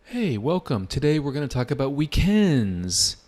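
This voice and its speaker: A man putting on a chirpy, high test examiner. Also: very animated, normal speed, darkish tone. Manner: chirpy, greeting and asking simple questions. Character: cheerful, polite speaking-test examiner.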